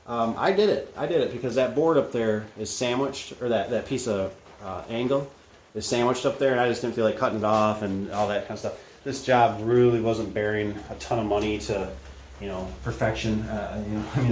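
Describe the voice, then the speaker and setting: A man with a Midwestern American accent, a garage door technician talking his way through a job in a casual, rambling vlog style full of fillers and self-corrections, soaked from the rain. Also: mid-range voice. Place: indoors in a shed, then outdoors in the rain. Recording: echoey space with faint ambient noise.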